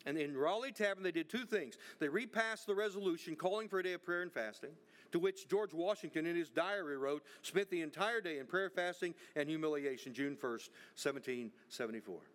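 High-voiced man preaching a storytelling sermon. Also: a little fast. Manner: storytelling, with many repeated words and restarts.

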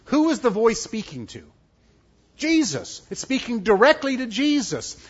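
Animated, emphatic preaching man. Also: very high voice, unhurried, breathy edge. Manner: animated, emphatic preaching with sudden soft drops. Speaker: pastor. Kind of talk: sermon. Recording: dull lo-fi sound.

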